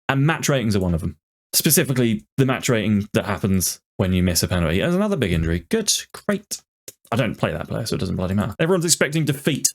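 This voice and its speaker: A man commentating on his football management game, ranting in exasperation about it. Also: medium pitch. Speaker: gaming YouTuber.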